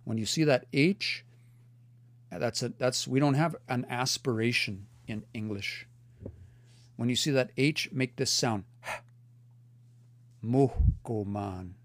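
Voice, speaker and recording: A man's voice: mid-range voice, a little slow, a bit bright, no echo. A man teaching a language on a livestream, reading out chat comments and explaining pronunciation in a thoughtful, earnest way with frequent restarts. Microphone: phone or computer mic for a livestream.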